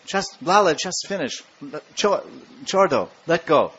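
A mischievous little boy teases and calls out with bright excitement, voiced by a man. The voice sits higher than an ordinary man's. It comes through a dull, lo-fi recording. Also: a little slow, slightly rough, exaggerated voice. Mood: playful teasing.

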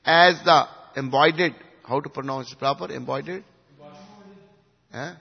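Husky man giving a devotional lecture. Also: fairly high pitch, moderate pace. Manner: swings from hushed to emphatic, asks the audience questions. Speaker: spiritual teacher. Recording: dull recording in a reverberant hall.

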